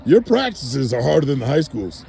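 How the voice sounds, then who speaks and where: A man's voice: medium pitch, big pitch swings, moderate pace, creaky, dark tone. A man playfully interviewing people at an outdoor football practice, teasing and hyping them up. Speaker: sideline interviewer. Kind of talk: casual sideline interview.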